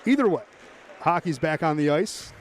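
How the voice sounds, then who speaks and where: A man calling live hockey play-by-play, brisk and chatty, tossing in joking asides. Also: fairly high pitch, animated, slight background noise. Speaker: play-by-play commentator.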